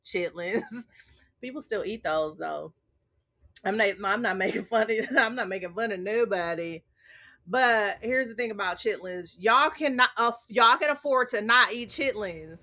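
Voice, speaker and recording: A woman's voice: mid-range voice, normal speed, bright, forceful tone. A woman hosting a casual late-night livestream chat, talking straight to her viewers and laughing often. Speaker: livestream host.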